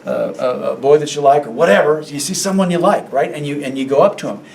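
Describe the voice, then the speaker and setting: A man's voice: on the high side, quick pace, gravelly, a little mellow, far from the mic, a little hiss or hum. A man teaching a Spanish grammar lesson in a classroom, repeating points and asking rhetorical questions. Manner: repetitive, asks rhetorical questions, stretches words for emphasis.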